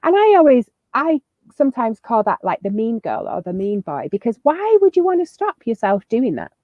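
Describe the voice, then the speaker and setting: In a slightly high, sing-song voice and at a moderate pace, a woman guest on a video call chats brightly about parenting, stumbling through fillers and restarts. There's no echo, but the lo-fi audio comes across a bit muffled.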